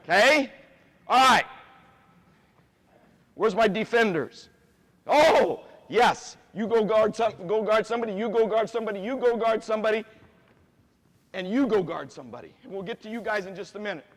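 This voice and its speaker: Brief: animated high-voiced man as youth basketball coach, quizzing kids, long gym reverb. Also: moderate pace, pauses often. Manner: animated, asks the players questions, repeats key points. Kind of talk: coaching clinic instruction. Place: gym with players on court.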